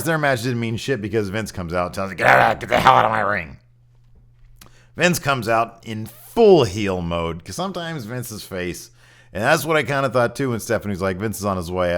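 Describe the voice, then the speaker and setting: A man's voice: sits low, a bit bright, clean tone. A man hosting a wrestling podcast, giving a blunt, opinionated recap in casual chat and swearing freely.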